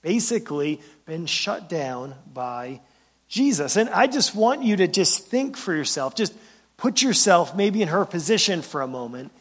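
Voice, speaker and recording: A pastor preaches a sermon conversationally, often checking in with "right?" and repeating words as he starts his sentences. His voice is high-pitched, animated, and slightly rough, at a normal speed.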